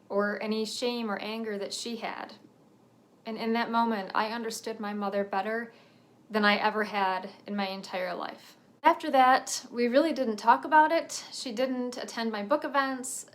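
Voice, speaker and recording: A woman in her thirties, an author telling a personal family story in an earnest, reflective way, with a few nervous laughs. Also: fairly high pitch.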